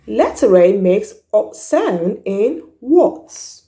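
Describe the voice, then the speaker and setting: A woman's voice: a little high, big pitch swings, takes it slowly, mellow. A woman teaching pronunciation, carefully enunciating and drawing out each sound she demonstrates. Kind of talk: slow, deliberate pronunciation lesson.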